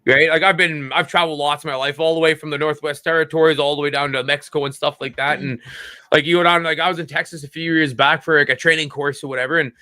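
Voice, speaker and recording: A man from Canada co-hosting a podcast, chatting loosely with lots of "like" and quick voice impressions. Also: a little high, fairly even intonation, bright, forceful tone, no echo. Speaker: podcast co-host. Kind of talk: casual chat.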